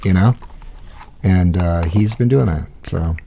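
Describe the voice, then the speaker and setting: A middle-aged man chatting casually on a podcast, blunt and profane, pausing often with "uh". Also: low voice, vocal fry, dark tone, a little hiss or hum. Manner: blunt, profane, hesitant with many uh's. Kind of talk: casual chat.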